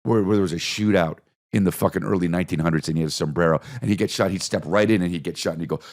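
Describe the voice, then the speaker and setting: A man's voice: low voice, very fast. A man hosting a comedy podcast, telling stories casually with lots of swearing, and jumping in and out of bits and silly voices. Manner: animated, profane, jumps into bits and voices. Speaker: podcast host.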